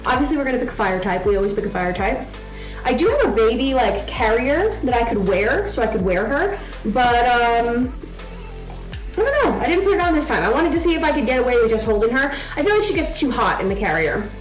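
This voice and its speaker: A young woman chats casually through a game stream, stopping now and then to coo at her baby. Her voice sits a little high, and it echoes in the room. Soft music plays underneath. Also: sing-song, fairly quick. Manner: chatty, doting baby talk to her daughter. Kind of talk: casual live-stream chat.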